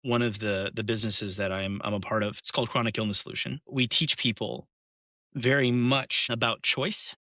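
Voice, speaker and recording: Bright-voiced man telling a story. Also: fairly low pitch, fairly even intonation, normal speed, dry recording, studio quality. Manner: storytelling, frequent restarts. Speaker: podcast guest. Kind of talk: casual conversation.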